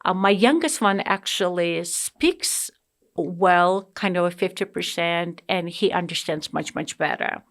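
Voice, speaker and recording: A middle-aged woman from Russia with a Russian accent, speaking in an interview in an earnest, emphatic way with halting fillers and restarts. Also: lowish voice. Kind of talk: personal interview storytelling.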